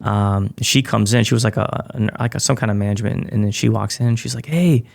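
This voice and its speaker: A man with a low, gravelly voice tells a personal story in a relaxed, conversational way. He is a podcast guest and keeps slipping into the voices of the people he quotes, which keeps the telling lively. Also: quick pace. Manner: animated, acts out quoted people. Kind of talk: casual storytelling.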